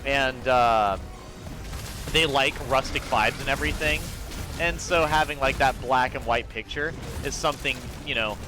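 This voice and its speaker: A man from Georgia streaming a game, chatting loosely with viewers in a rambling, profane way with sudden excited jumps in pitch. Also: unhurried, music in the background. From Georgia, USA. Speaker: gaming streamer. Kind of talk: casual live-stream chat while gaming.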